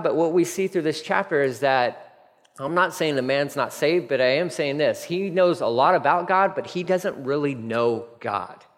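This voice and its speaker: A man preaching a sermon in an earnest, conversational way, dropping to soft, quiet asides. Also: fairly high pitch, long reverb tail. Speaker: pastor.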